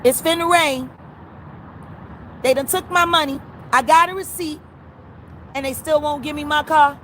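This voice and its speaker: A woman's voice: sits high, fairly even intonation, moderate pace, fairly bright tone, a little hiss or hum. A woman filming herself on a phone outdoors at a service window, complaining in an agitated, profane rant. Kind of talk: ranting self-filmed phone video. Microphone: phone camera.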